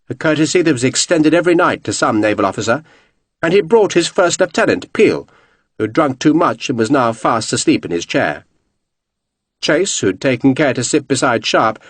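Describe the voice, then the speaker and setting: A man reading a historical novel aloud as audiobook narration, measured and expressive. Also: mid-range voice, no room sound.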